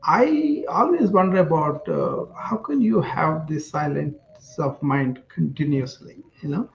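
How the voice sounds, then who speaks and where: A man's voice: on the high side, animated, measured pace, gravelly, muffled recording. A man voicing an earnest, deferential male monk who has walked far to ask a question. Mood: wondering. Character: earnest wandering male monk seeking answers.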